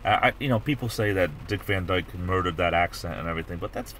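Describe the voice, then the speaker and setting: A man's voice: sits low, fast, few pauses, a bit bright, a little hiss or hum. A middle-aged man hosting a livestream, chatting casually in a rambling way with many restarts. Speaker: livestream host. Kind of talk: casual chat.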